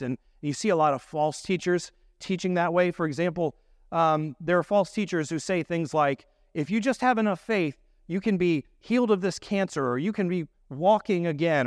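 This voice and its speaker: A man's voice: fairly high pitch, no echo, studio quality. A man pastor preaching a sermon, explaining scripture in an earnest, teaching manner.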